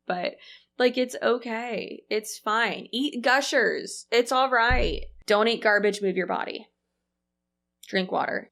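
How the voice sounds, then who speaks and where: A woman's voice: medium pitch, vocal fry, a bit bright. Blunt, sarcastic woman commentator. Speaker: reaction channel host. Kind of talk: reaction commentary.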